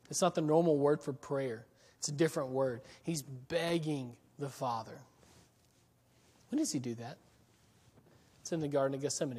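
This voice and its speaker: A man preaches a sermon with an earnest, searching delivery, often pausing and doubling back on words as he builds toward a point. His voice sits a little higher than most men's. It rings out with a long reverb, as if in a church sanctuary. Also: darkish tone, breathy edge.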